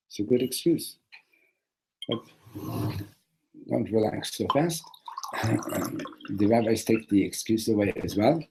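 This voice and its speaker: A man teaching a classroom lesson on a religious text, animated, often restarting and repeating words. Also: fairly low pitch, slow pace, long pauses, slightly rough, poor audio.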